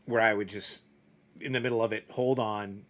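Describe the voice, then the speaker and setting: A man's voice: fairly low pitch, steady tone, brisk, a bit bright. A man with a New England accent, co-hosting a casual podcast chat and sometimes jumping into put-on tough-guy voices. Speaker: podcast co-host.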